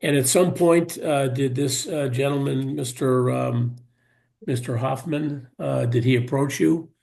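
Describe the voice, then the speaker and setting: Flat, gravelly man questioning a witness. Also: mid-range voice. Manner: halting, hesitant, many fillers. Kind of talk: hearing questioning.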